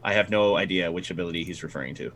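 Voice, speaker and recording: A man narrating as dungeon master, animated and quick, shifting between tense description and playful banter. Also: sits low. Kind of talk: narrating a tabletop game.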